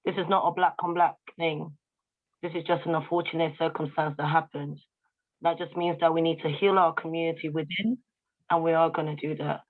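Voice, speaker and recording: A woman with a low voice and fairly even intonation speaks at a moderate pace, delivering an emotional, heartfelt tribute as a guest speaker and addressing her listeners directly. She's heard over a video call, so the audio sounds tinny.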